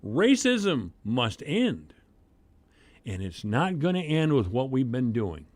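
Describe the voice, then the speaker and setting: A man hosting talk radio with a Midwestern American accent, delivering a heated, sarcastic opinion monologue that swings between loud outbursts and low muttering. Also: very animated, slow pace. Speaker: radio talk show host.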